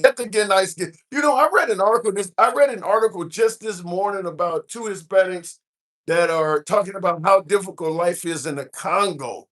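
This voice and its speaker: A Midwestern American man hosts a casual livestream from a cruise ship at sea, chatting and reading comments aloud with lots of fillers. His voice sits high with a fairly bright tone and a moderate pace.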